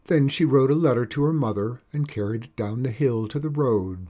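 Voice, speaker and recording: A man reading a children's story aloud in a steady, measured way. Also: medium pitch.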